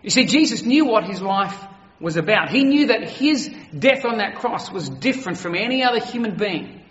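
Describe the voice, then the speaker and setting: A pastor preaching an earnest, emphatic sermon, slowing to stress key words. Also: male voice, high voice, expressive, fairly bright tone, roomy sound, long reverb tail, lo-fi sound.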